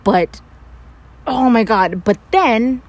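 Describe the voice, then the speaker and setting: A woman's voice: a little high, animated, takes it slowly, darkish tone, slight background noise. A woman playing a frantic young scientist in an audio role-play, stammering, breathless and swearing. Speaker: voice actor.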